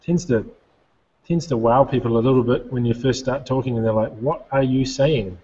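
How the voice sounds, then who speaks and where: Wry, husky-voiced man on a video call. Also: medium pitch, a little fast, warm tone, muffled recording. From outside the United States. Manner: dry, wry humor. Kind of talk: casual online hangout chat.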